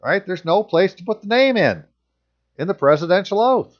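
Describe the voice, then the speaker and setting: A man's voice: high voice, lively intonation, moderate pace, muffled recording. A man reading passages aloud and commenting on them in casual, sarcastic asides as a channel host.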